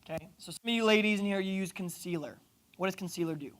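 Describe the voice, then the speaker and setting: A young man from Oklahoma preaching a youth sermon, telling stories with jokes and quick asides. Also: high voice. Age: young adult. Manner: animated, joking storyteller with asides. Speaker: youth pastor.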